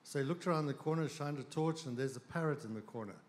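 A man speaking on stage at a conference, easygoing and joking, pausing with fillers before introducing his wife. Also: on the high side. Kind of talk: stage talk with joke and announcements. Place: large conference hall with audience. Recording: long hall reverb, faint crowd noise.

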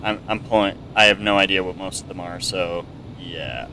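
This let's-play streamer is a young man with a low, fairly even, sharp-toned voice at a moderate pace, mumbling and hesitating through many ums before occasionally yelping into a panicked "no-no-no." The casual commentary comes through a desk mic with webcam, with poor audio and a little hiss or hum.

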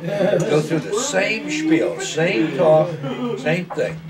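Over a noisy crowd, an older man with a slightly high voice talks very slowly, telling folksy, meandering lunch-table stories and voicing the people in them. A distant mic at the home dining table picks up clattering dishes, cutlery and others around.

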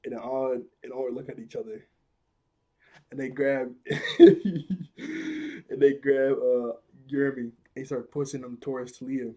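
A young man talks through a cartoon episode in a loose, slangy recap. He gets animated and breaks into laughter often as he retells the scenes. His voice sits at an ordinary middle pitch. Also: unhurried, long pauses. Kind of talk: casual recap and commentary.

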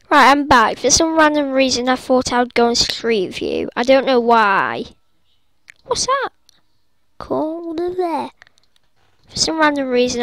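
High-voiced giggly woman rambling over gameplay. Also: sharp tone, no room sound. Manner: giggly and scatterbrained, breaks into silly singing and squeals. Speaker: gaming video host.

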